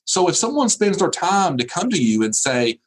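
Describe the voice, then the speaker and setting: A man's voice: sits high, very animated, normal speed. A man giving a motivational keynote by remote video call, preachy and emphatic, repeating his phrases. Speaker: keynote speaker.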